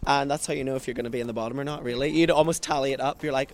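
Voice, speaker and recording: A man's voice: medium pitch, steady tone, fast, hardly any pauses. A Northern Irish man in his twenties, a drag performer telling stories as a guest in a casual interview. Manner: chatty, self-mocking storyteller.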